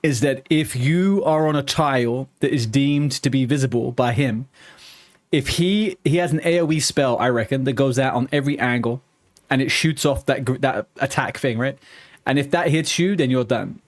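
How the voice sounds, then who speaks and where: A man streams a game live, giving running commentary as he plays. He mutters to himself, talks to his viewers, and swears often when frustrated. His voice is mid-range and his pace is normal.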